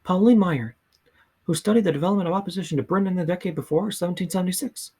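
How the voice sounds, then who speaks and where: A man reading a history book aloud in a soft ASMR style, slow and halting, often stumbling and restarting words. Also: sits high, slightly rough. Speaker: ASMR reader.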